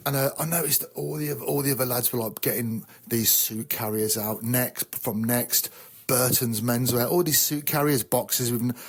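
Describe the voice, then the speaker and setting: An English army veteran telling a rambling, profane, self-mocking story in casual chat. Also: male voice, mid-range voice, slightly rough. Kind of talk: casual sweary anecdote.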